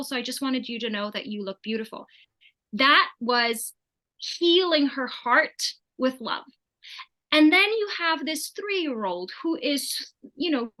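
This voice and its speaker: A woman's voice: high voice, bright, forceful tone. A middle-aged woman telling stories as an interview guest, acting out the dialogue she quotes. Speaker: summit guest. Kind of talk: conversational interview storytelling.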